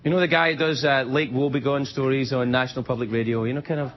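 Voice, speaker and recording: A man's voice: mid-range voice, steady tone, quick pace. A man with a Scottish accent, a talk show host in his forties, rambling through a comic monologue and chuckling at himself. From Scotland. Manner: rambling, self-amused, bursts of laughter. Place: TV studio. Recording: dull TV recording with background noise.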